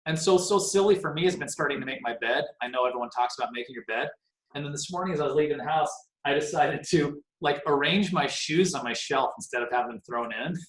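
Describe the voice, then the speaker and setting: Forties guy running a team video call, kinda high voice, rambly and animated, echoey room. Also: fast. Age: 40s. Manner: animated, rambling, self-deprecating. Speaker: team meeting leader. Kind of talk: casual motivational talk on a video call.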